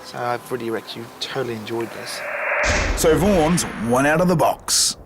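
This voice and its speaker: A man's voice: medium pitch, lively intonation, normal speed, background noise. A man, a chef host tasting and scoring dishes with an upbeat, jokey manner. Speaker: chef judge and show host. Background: music.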